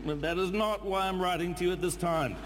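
Deadpan New Zealand man, reverberant room. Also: high-pitched, a little fast, heavy background noise. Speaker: actor reading a letter aloud. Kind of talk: comic reading.

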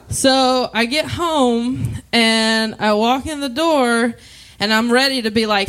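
A young woman from the South, performing a stand-up comedy set with animated storytelling and shouted acted-out asides. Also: a little high, a little slow. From American South.

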